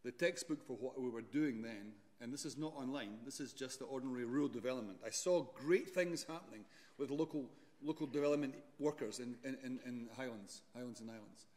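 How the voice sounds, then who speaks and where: A man's voice: medium pitch, a little fast, a little mellow, long reverb tail. A man, a university lecturer giving a chatty, rambling talk and often correcting himself. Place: lecture hall.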